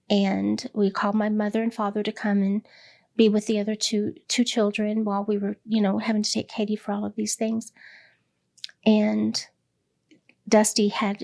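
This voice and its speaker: Gravelly middle-aged woman telling her story. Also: mid-range voice, a little mellow. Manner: candid and reflective, with many pauses and fillers. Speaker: hospice director, interview guest. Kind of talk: personal storytelling in an interview.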